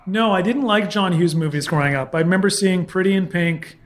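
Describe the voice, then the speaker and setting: The guest, a comedy historian, speaks a little fast in a high-sitting male voice. He tells an animated story in a casual interview, voicing the other characters himself.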